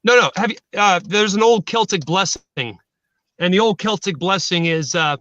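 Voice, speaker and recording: A man, a guest, telling jokes and stories in an animated, comedic casual chat over a remote line. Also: high voice, normal speed, no echo. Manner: joking, animated storytelling.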